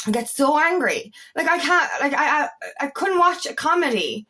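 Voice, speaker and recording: Woman coach, candid monologue, fairly high pitch, blunt and heated, swears freely. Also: big pitch swings, moderate pace, pushed and bright. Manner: emphatic, swears often, raises voice. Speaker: empowerment coach.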